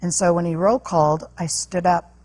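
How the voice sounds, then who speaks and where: A woman with a husky, breathy voice speaks as an interview guest. She tells a personal story earnestly and halts often, restarting her sentences as she goes. Her pitch sits a little low. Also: fairly even intonation, normal speed, darkish tone. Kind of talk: personal testimony in a talk interview.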